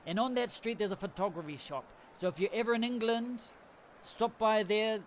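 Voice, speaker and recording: Speaking at normal speed in a voice that sits high, with a slight hiss or hum behind it, this New Zealand livestream host chats casually. He wanders through a travel story, laughing frequently.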